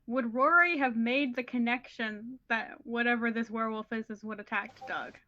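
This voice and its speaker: A woman's voice: a little high, normal speed, bright, forceful tone, highs cut off. A young woman player at a tabletop game, eagerly jumping in with questions in casual chat.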